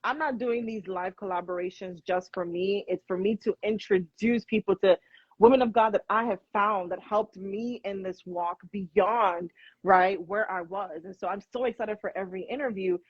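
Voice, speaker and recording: A woman hosts a faith-based live chat with energy and a preaching style, repeating words for emphasis. Her voice is slightly husky. The sound is dry and muffled, like a lo-fi live stream. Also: mid-range voice, normal speed, no room sound. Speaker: live show host.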